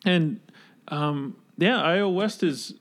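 Somewhat high-voiced guy, lots of ums and likes, casual chat. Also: slow. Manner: hesitant, rambling with fillers. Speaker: improv comedian.

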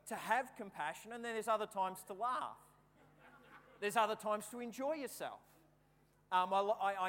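High-voiced preacher, echoing hall. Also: male voice. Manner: lively anecdotal storytelling, acting out the scenes. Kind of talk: sermon with humorous personal stories. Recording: long hall reverb, faint background hum.

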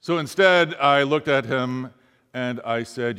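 A man's voice: mid-range voice, takes it slowly, sharp tone, clean tone. A man preaching a sermon as a pastor, telling a story and acting out the voices of the people in it. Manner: storytelling, acts out quoted speech. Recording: long hall reverb.

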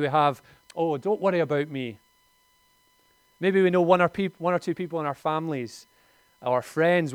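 A man's voice: fairly high pitch, dry recording. A man, preaching a conversational sermon in a lightly humorous tone.

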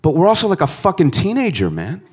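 A man doing a stand-up set, swinging between quiet reflective musing and loud profane punchlines in a conversational storytelling style. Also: high voice, wildly swooping pitch, fast talker, husky. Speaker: stand-up comedian.

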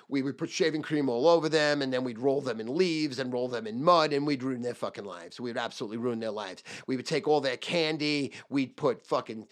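A middle-aged man, telling a profane story in an animated, emphatic way with lots of repetition. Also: mid-range voice. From Long Island, New York.

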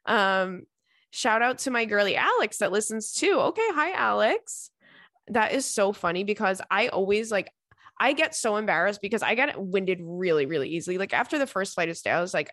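A woman's voice: medium pitch, lively intonation, moderate pace, a bit bright, no echo, clean studio sound. A young woman hosting a podcast, chatting casually and rambling through listener messages with lots of fillers. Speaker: podcast host.

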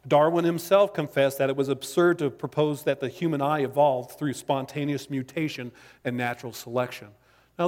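A man preaching a sermon in a church sanctuary, talking conversationally with jokes and asides. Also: a little high. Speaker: pastor. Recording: long reverb of a large hall.

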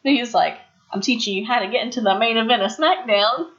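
A woman's voice: fairly high pitch, a little fast, fairly bright tone. A woman co-hosting a casual chat, recapping wrestling and acting out quotes with frequent laughs. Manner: chatty, laughs often, acts out quotes. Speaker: podcast co-host. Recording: dull lo-fi sound.

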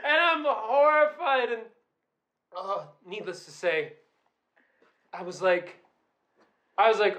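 A young man telling a story in casual chat, animated, laughing and acting out quotes. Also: high voice, slow pace, pauses often, roomy sound.

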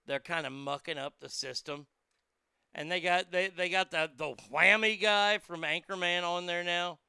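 Male host, profane rambling monologue, gravelly and bright, slightly high, dry close sound. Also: no echo.

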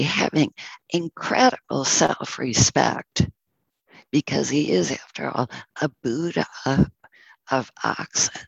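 A teacher telling a parable in a slow, soft, often whispered teaching talk. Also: mid-range voice, gravelly, slightly rough, no echo, poor audio.

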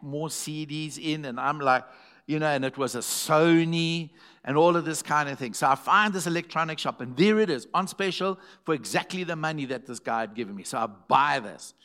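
A man's voice: fairly high pitch, normal speed, fairly bright tone. A middle-aged man, a pastor telling a story in a sermon, acting out the voices he quotes.

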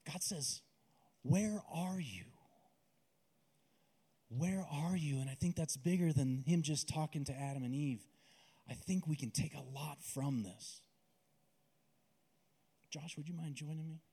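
A man preaching a sermon and guiding listeners through a visualization, with a slow, intimate, dramatic delivery. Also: fairly high pitch, warm tone, breathy edge.

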